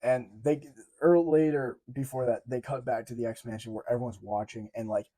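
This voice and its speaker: Young male vlogger, mellow tone, rambling and excitable, casual review delivery. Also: medium pitch, brisk. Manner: excitable, rambling, swears, says 'like' often. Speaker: TV show reviewer.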